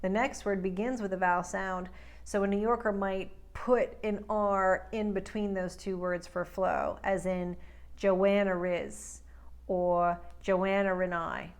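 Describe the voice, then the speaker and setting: A woman speech coach teaching accent sounds, giving clear explanations and slowly modeling drill words. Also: medium pitch, steady tone. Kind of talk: accent lesson.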